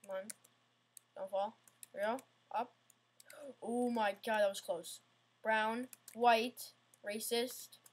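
A woman with a slightly raised, husky voice narrates her own gameplay in a loose, offhand way. She grumbles, mocks herself and scolds the game as she plays. The commentary stays casual and unscripted throughout. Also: fairly high pitch, steady tone, slow pace, long pauses. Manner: frustrated, self-mocking, talks to the game. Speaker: gamer playing an obstacle course game.

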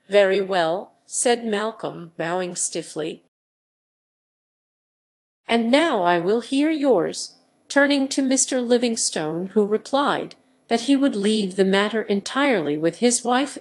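A woman reading a classic novel aloud as an audiobook narrator, in a slow and even manner. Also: medium pitch. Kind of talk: scripted narration.

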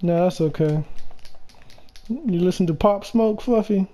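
A woman's voice: mid-range voice, unhurried, mellow. A woman hosting a casual phone chat, laid-back and teasing, laughing often. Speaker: channel host.

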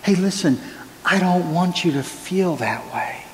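A pastor preaching with earnest warmth, his fairly high voice ringing through a church sanctuary with a long reverb tail. He prays and tells counseling stories, and faint room noise sits underneath. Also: animated, a little slow. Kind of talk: sermon.

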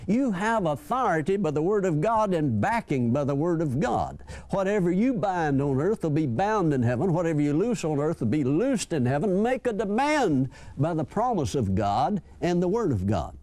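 Older preacher, folksy and chuckling, lively up-and-down delivery, slightly high voice. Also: male voice, a little slow, hardly any pauses. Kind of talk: sermon.

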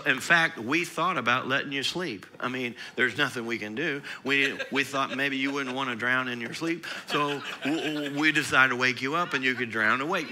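A man's voice: medium pitch, bright, forceful tone, voice pushed down. A man voicing a frightened male disciple in a sinking boat who rambles, resigned to doom. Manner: rambling, nervous chuckling asides.

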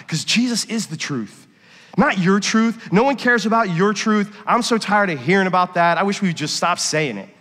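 A middle-aged man gives a sermon in a church, and his fairly high voice rings out into a long hall reverb. He tells personal stories in a hushed, confessional tone and then rises to emphatic, preacherly points. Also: expressive, moderate pace. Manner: confessional storytelling, swings from quiet to emphatic. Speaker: worship pastor. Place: church sanctuary.

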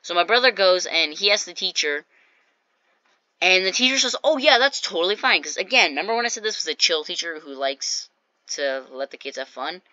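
A woman's voice: on the low side, expressive, fairly quick, sharp tone, no echo, highs cut off. A woman casually telling a storytime vlog, chatty and jokey, acting out what people said. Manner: chatty, jokey asides, acts out quoted lines. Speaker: storytime vlogger.

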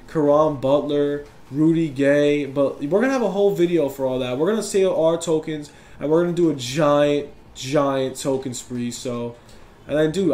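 A young man calls a basketball video game live, fired up and griping at his opponent. His voice sits a little high and rings in an echoey room. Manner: competitive, yells and complains at opponent. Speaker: gaming YouTuber. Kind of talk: live gameplay commentary.

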